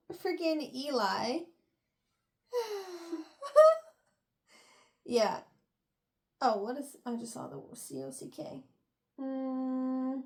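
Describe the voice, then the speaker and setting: A young woman chatting casually as she retells a novel's chapters, filling her talk with "like" and "you know" between laughs and sighs. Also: sits high. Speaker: book reviewer. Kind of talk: casual chat, retelling a book.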